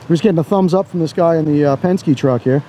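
A man's voice: on the high side, fast talker, mellow, dull audio, slight background noise. A man filming outdoors as a First Amendment auditor, giving blunt, sarcastic, casual commentary to his camera with some swearing. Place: outdoors by a parking lot.

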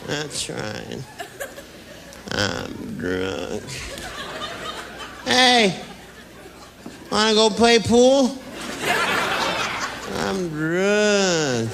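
A man doing a gravelly slurring drunk. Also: high voice, full character voice. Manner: slurring, mumbling, sudden loud outbursts. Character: sloppy belligerent drunk man, grudge-holding. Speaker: stand-up comedian. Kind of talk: stand-up act. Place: comedy stage before a live audience. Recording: noisy live club with audience laughter. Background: crowd laughter.

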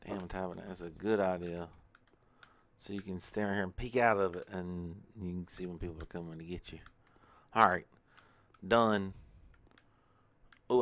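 Male let's-play host, lowish voice, rambling casual self-talk over gameplay. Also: normal speed, pauses often, fairly bright tone. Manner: chatty, talks to himself while playing. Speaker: gaming channel host.

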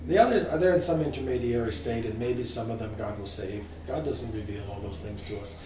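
Animated man teaching scripture in a distant, echoey room. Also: mid-range voice, brisk, a little hiss or hum. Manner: animated, asks the group questions. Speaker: priest teaching a catechism class. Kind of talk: informal Bible teaching to a small group.

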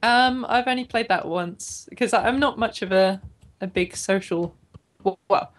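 A woman's voice: mid-range voice, measured pace. A young Englishwoman chatting while gaming, giggly and self-deprecating. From England. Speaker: gamer. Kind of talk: casual chat while gaming.

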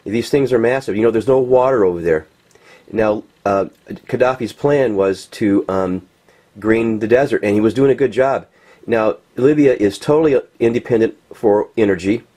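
A man giving impassioned, rambling commentary while showing pictures, swearing and filling pauses with ums and uhs. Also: lowish voice, dark tone. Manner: heated, rambling, swearing, many fillers. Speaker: political commentator.

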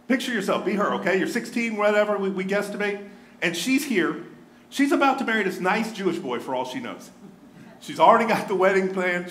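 A male pastor preaches in a bright, high, swooping voice, animated and joking. The sound is roomy, like a large sanctuary, with a faint hum behind him. His delivery rises and falls as he tells the story. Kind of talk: sermon. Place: church sanctuary.

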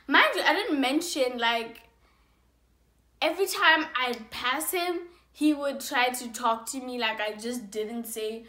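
A young woman vlogger telling a storytime tale in a casual, animated way, acting out her own lines. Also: sits high, moderate pace, reverberant. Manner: animated, acts out dialogue with big swings in loudness.

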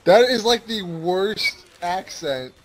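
High-voiced swearing gamer man. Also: expressive, slow, a little hiss or hum. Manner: swearing, exclamatory. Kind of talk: excited co-op let's play chat.

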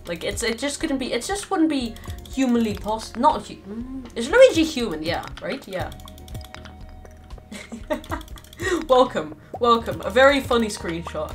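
A young woman streaming live, chatting casually with her viewers, giggling and exclaiming a lot. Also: a little high. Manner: giggly, bursts into laughter often; excitable, frequent exclamations. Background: faint background music.

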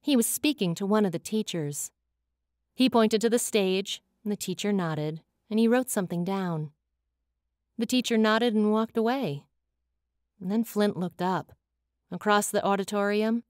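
A woman reads a fantasy audiobook with an expressive, dramatic lilt. Her voice sits at an ordinary middle pitch. The sound is dead dry and close to the mic. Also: unhurried, dry recording. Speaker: audiobook narrator. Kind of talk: scripted audiobook narration.

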